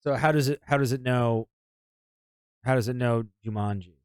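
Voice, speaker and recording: A man's voice: medium pitch, moderate pace, a little mellow, clean tone, no echo. A man co-hosting a casual movie review podcast, laid-back and profane. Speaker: podcast co-host.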